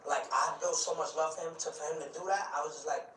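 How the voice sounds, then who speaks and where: A man telling a tense story of his own, acting out other people's words and dropping to a hush at moments. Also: fairly high pitch, steady tone, quick pace. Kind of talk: animated storytelling. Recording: roomy sound from a distance with faint noise.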